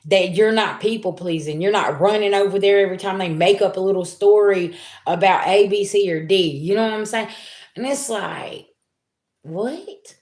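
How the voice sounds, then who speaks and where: A woman's voice: mid-range voice, moderate pace, echoey room. A woman doing a casual tarot reading, talking straight to her viewers in loose, colloquial speech. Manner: colloquial, talks straight at the audience; acts out quoted people in lively voices. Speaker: tarot reader.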